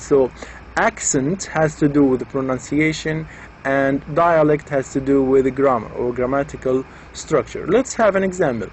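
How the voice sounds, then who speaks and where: A man's voice: on the high side, slight background noise, poor audio. A man giving an explanatory lecture, patiently repeating and rephrasing each point with examples.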